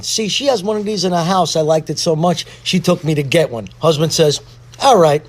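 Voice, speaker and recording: A man's voice: sits high, moderate pace. A man telling a joke as a story, raising his voice for the characters.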